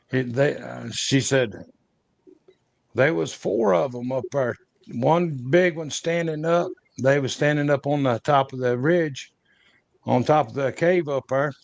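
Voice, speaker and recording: A man's voice: medium pitch, vocal fry, no room sound. A man casually telling a long encounter story as a podcast guest, in a folksy, rambling way with rural grammar and frequent restarts.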